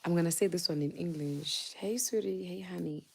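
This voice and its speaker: A South African woman with a Zulu accent chats casually on a live stream, talking into her phone. Her voice sits a touch low, and she is lively and animated, dropping Zulu words in between her English. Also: normal speed, gravelly, a little hiss or hum.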